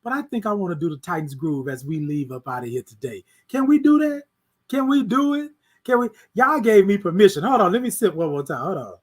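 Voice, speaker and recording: A fairly high-voiced man chats live with his viewers. He repeats warm affirmations and calls out names one by one. His voice jumps from loud bursts to soft asides. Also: sing-song, a little fast. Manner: warm, repetitive affirmations, shouts out viewers by name. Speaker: host of a morning livestream. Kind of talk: casual live-stream chat with viewers.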